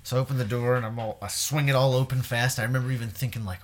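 A man's voice: medium pitch, very fast, a little hiss or hum. A man hosting a podcast, telling a wild story casually, swearing a lot and laughing as he goes. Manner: profane, laughing, animated retelling. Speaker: podcast host.

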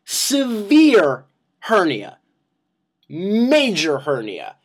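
A podcast host, a man, tells a comic story about himself with plenty of swearing and self-mockery. His voice sits a bit high for a man and bounces with animated energy. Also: extremely slow, slightly rough. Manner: profane, self-mocking and animated.

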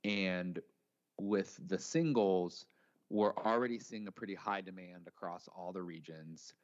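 A man's voice: sits low, unhurried, highs cut off. A man co-hosting a podcast in casual chat, telling stories and making his points with growing energy. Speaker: podcast co-host.

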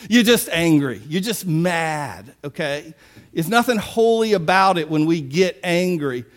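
A man's voice: a little high, animated, a little slow. A man preaching a sermon in a conversational way, acting out the people he describes. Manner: conversational preaching with mock-quoted voices and asides. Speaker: pastor.

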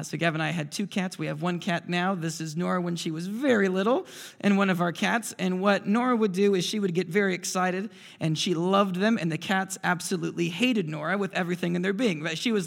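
Man, 30s, pastor, sermon, high-pitched, gravelly, animated storytelling, long hall reverb. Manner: animated storyteller, swings between loud bursts and quiet asides. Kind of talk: sermon with personal stories. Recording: preacher's voice ringing in a large reverberant hall.

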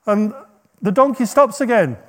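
Male preacher, lively dramatic storyteller, high voice, makes asides. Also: moderate pace. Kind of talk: sermon storytelling.

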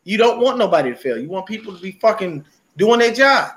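A man co-hosting a sports podcast, telling animated stories in casual, profane chat. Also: sits high, brisk. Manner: animated storytelling with heavy cursing. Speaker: podcast co-host.

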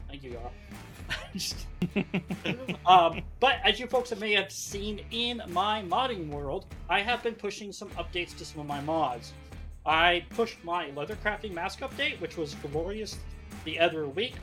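A man, co-hosting a casual podcast and telling stories with energy, acting out his own lines. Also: high voice. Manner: animated storyteller, acts out his own lines. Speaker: podcast co-host and modder.

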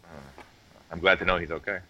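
A man's voice: deep voice, steady tone, brisk, bright, forceful tone, dull audio, slight background noise. A man, a podcast guest in casual chat, teasing the host with frequent laughter.

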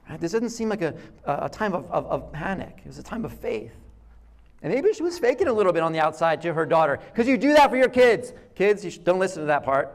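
A middle-aged man preaching a sermon in a conversational, animated way, telling stories and acting out quotes. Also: high voice, quick pace. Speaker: pastor.

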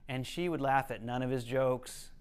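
Smooth-voiced man teaching earnestly. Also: mid-range voice, fairly even intonation, moderate pace. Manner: earnest, explanatory storytelling. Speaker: counselor and teacher. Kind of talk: conversational teaching talk.

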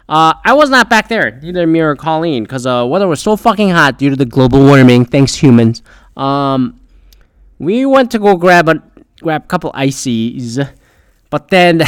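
A man's voice: a little high, fairly bright tone, clear, resonant tone, dry recording, studio quality. A young man telling a story in a rambling, casual way, swearing often and filling gaps with "uh" and "like.". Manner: rambling, heavy swearing, frequent fillers.

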